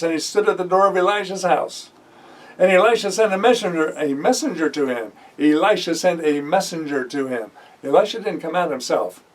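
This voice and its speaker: A man's voice: high-pitched, distant mic, low-quality recording. A man teaching a sermon, reading scripture aloud and breaking off to comment conversationally, with frequent fillers and self-corrections. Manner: reads a passage, then stops to comment conversationally. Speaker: Bible teacher.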